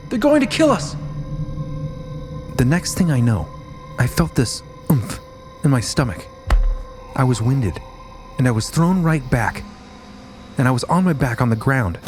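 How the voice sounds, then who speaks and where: A man hosting a podcast, dramatically reading a first-hand witness account and getting loud at the quoted screams. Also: mid-range voice. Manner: animated storytelling, rising to shouts at quoted screams. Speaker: podcast host.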